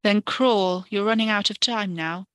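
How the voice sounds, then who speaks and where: A woman's voice: medium pitch, unhurried, no echo, lightly acted. A woman doing a lilting male mystic. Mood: goading calm. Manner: lilting, calm and goading.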